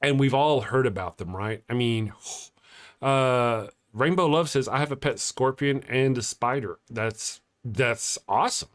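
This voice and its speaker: A man with a mid-range, slightly slow voice hosts a live morning show. He chats casually and reads out viewer comments in a rambling, jokey manner, often breaking into laughter.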